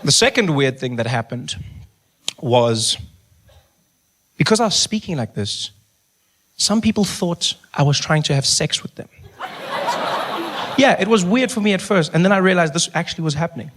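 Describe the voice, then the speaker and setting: A South African man telling a stand-up story, who is animated and sometimes drops into a hushed voice for bits. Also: fairly high pitch, moderate pace, pauses often, noisy background. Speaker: stand-up comedian.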